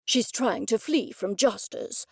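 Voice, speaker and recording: A stubborn old gentleman speaks with fussy, indignant formality, as a woman narrator puts him on. The voice has a gravelly grain. It sits close and dry. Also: a little high, slow, no echo, exaggerated voice. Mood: suspicious. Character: elderly gentleman, pompous and stubborn.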